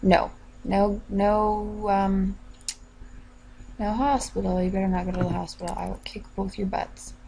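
A woman's voice: medium pitch, flat delivery, a little slow, creaky, warm tone, slight background noise, low-quality recording. A woman hosting a let's play video, chatting casually to viewers and coaxing her game characters along. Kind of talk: casual gameplay commentary.

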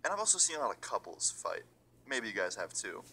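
A man's voice: on the low side, big pitch swings, brisk, pushed and bright, a little hiss or hum. A young man telling a storytime vlog in a chatty, swearing way, acting out what people said. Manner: chatty, swearing, acts out quotes. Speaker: storytime YouTuber.

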